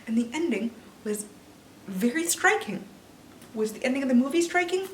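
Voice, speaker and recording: A young woman in her twenties, a book vlogger, ranting casually about films in an animated, swearing way while a little tipsy. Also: sits high, normal speed, noisy background. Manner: animated, swearing, drops to whispers. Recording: echoey room, mic a bit distant.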